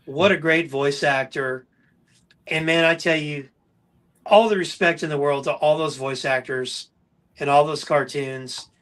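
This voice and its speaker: A man's voice: a little high, fairly bright tone. A man hosting a podcast, telling stories in casual chat with enthusiasm. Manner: enthusiastic storyteller. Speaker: podcast host.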